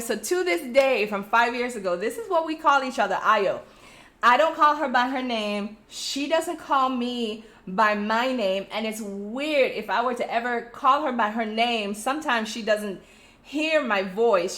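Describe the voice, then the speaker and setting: A woman with a Crucian accent from St. Croix talks in a fairly high voice as she hosts a casual live stream. She chats straight to her viewers, reads their comments aloud and slips into animated stories. She sounds middle-aged. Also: moderate pace. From US Virgin Islands (St. Croix). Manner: chatty, animated storytelling with friendly direct address. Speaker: host of a live check-in stream.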